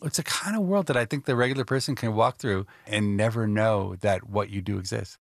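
A man's voice: on the low side, fairly quick, vocal fry, dry recording, studio quality. A man interviewing a guest with curious, reflective remarks. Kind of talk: conversational interview.

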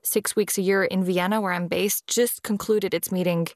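A woman speaking as a space law official in an interview, explaining in a deliberate way with pauses between phrases. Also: medium pitch, steady tone, dry recording, studio quality. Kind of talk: measured explanatory interview talk. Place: based in Vienna.

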